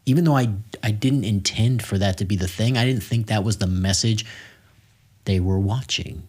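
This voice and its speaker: A middle-aged man with a fairly low voice, hosting a conversational podcast interview. He tells personal stories openly and slips in self-deprecating humor. His pace is unhurried. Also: darkish tone. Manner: candid storyteller, self-deprecating jokes. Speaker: podcast host.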